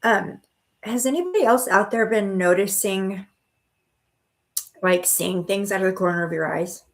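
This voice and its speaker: A woman's voice: mid-range voice, moderate pace. Chatty reassuring woman hosting a live stream. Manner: warm and reassuring, calls viewers honey and sweetheart; chatty with frequent restarts and fillers. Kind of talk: casual live-stream chat.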